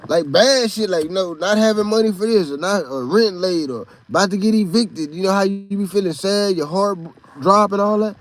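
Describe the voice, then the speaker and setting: A man's voice: sits high, moderate pace, hardly any pauses. A man from Texas with a Texan accent, a podcast host telling a rambling, profane story in a casual monologue.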